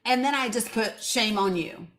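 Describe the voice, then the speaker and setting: A woman's voice: a little high, moderate pace, fairly bright tone. A woman hosting a commentary monologue, talking in a heated, blunt way, swearing and reading quotes aloud. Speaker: host.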